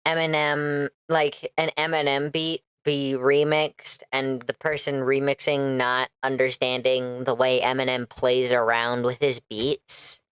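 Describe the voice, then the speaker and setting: Low-voiced sarcastic woman streamer. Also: flat delivery, a little slow, few pauses, clean tone, no room sound. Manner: blunt, sarcastic, swears freely. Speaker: streamer reacting to music. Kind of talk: casual reaction commentary.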